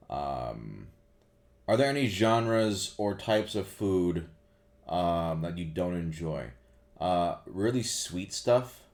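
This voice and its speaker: A voice actor answers viewer questions in a casual Q&A, rambling with plenty of fillers and restarts. His voice sits low and is a little mellow.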